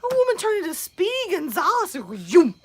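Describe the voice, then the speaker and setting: High-voiced woman telling funny stories. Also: brisk. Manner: animated, many "like" fillers, acts out voices. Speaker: live show host; mother. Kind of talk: casual comic storytelling.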